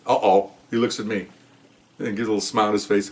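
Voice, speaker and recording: A retired police officer in his sixties, telling a courtroom anecdote in a jokey, animated, chuckling way. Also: on the low side, fast.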